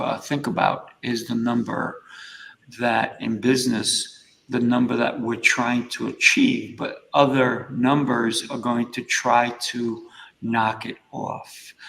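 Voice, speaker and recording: A man hosting a casual interview, thinking aloud with halting, repeated words. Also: mid-range voice, creaky, fairly bright tone, a little hiss or hum, rough recording. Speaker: host.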